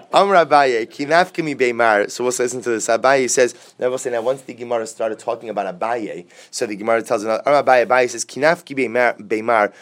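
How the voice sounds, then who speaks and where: A man giving a Talmud class in a lively, conversational way, asking rhetorical questions and urging the listeners to listen. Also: medium pitch. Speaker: Talmud teacher.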